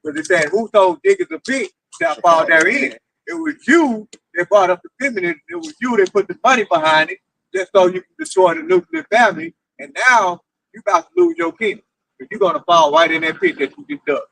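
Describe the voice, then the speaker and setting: High, gravelly man citing scripture. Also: huge pitch swings, quick pace, pushed and bright, poor audio. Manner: preachy, cites scripture. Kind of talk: religious group discussion.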